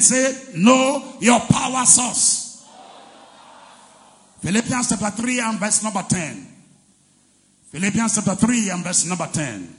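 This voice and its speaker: A man preaching a sermon as pastor, leading the congregation in call-and-response and shouting and chanting his key phrases. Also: high-pitched, in a large hall. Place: large church hall.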